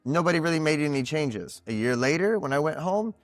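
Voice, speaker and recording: Fairly high-pitched and animated, this man speaks fairly quickly, and the recording has no room sound. He's a card reader guesting on a podcast, unpacking ideas in a relaxed, teacherly, reflective style with many "like" fillers.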